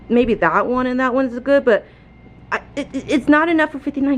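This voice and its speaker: A woman, a fourth-grade teacher, vlogging from her classroom with a phone, animated and laughing often, audibly stressed and frustrated. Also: high-pitched, brisk, low-quality recording. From Texas. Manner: animated, laughs often, keeps addressing viewers as y'all. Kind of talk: casual classroom vlog. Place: indoor school classroom.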